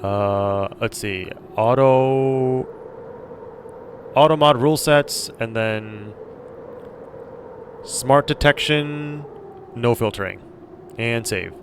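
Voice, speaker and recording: A man's voice: medium pitch, very slow, long pauses, noisy background. A man streaming a game, chatting casually with viewers and laughing mid-sentence. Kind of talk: casual live-stream chat.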